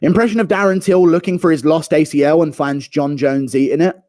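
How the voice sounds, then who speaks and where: A man's voice: on the high side, steady tone, brisk, darkish tone, no echo, clean studio sound. A young man streaming, ranting in a casual, profane, rambling way.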